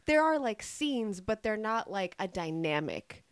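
Woman, middle pitch, hesitant and halting, dry close recording. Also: big pitch swings, smooth, dry recording. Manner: hesitant, full of fillers. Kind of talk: casual chat.

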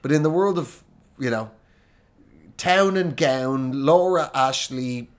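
An Irish man co-hosting a comedy podcast, telling stories in a lively way and laughing through his lines. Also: medium pitch, slow pace. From Ireland. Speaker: podcast co-host. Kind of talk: comedic storytelling chat.

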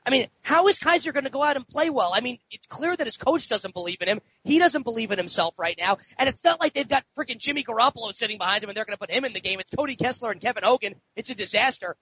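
A man's voice: very high voice, lively intonation, quick pace, few pauses, pushed and bright, husky, dry recording. A man co-hosting a sports podcast, talking in a heated, argumentative way. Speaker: podcast co-host. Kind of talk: casual sports betting talk. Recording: dull lo-fi audio.

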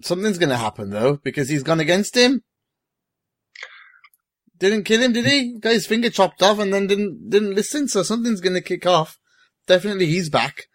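Man, host, casual film talk, animated, swears freely, raised pitch, dry close sound. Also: normal speed, dry recording.

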